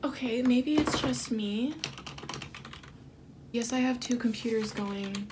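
A young woman talks to her camera in a reaction vlog, often dropping into a whisper as she gushes and swears. Her voice sits fairly high. A faint hiss runs underneath. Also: takes it slowly. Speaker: vlogger reacting to a music video.

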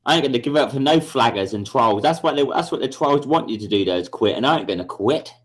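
A man's voice: medium pitch, lively intonation, fast. A man hosting a casual livestream chat, sweary and blustering, often repeating himself. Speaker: livestream host.

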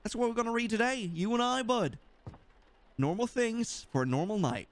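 A young Swedish gaming YouTuber with an extremely high voice and a Swedish accent gives playful let's-play commentary at a moderate pace. He's animated and joking, chatting to the game as he plays.

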